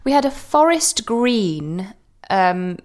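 British woman with a quiet posh voice. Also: medium pitch, very animated, slow pace. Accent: posh English. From Britain. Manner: chatty and hesitant, full of fillers and restarts. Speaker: podcast guest. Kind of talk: casual interview chat.

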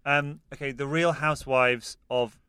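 A man on a comedy quiz panel making dry, deadpan jokes. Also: mid-range voice, unhurried, over a noisy crowd.

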